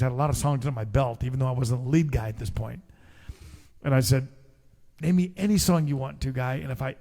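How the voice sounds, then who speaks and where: A middle-aged man, a singer-songwriter, telling a relaxed, chatty story between songs at a live show. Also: medium pitch, big-room sound. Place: live music venue. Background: guitar.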